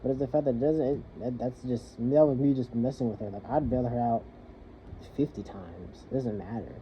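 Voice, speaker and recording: Young man venting, halting and rambling. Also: medium pitch. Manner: rambling, halting, swears freely. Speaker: soldier venting. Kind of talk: personal venting monologue. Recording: muffled lo-fi with faint hiss.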